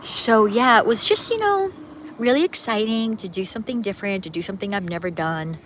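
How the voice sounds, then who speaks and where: A woman's voice: mid-range voice, expressive, brisk, fairly bright tone, slight background noise. A woman chatting casually with viewers on a livestream while out walking her dog, upbeat and rambling with many fillers and restarts. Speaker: livestream vlogger. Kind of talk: casual live chat with viewers. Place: outdoors on a street with her dog.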